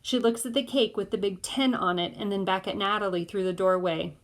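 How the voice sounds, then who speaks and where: A woman narrating an audiobook in the first person of a boy, in a measured way. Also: medium pitch, steady tone.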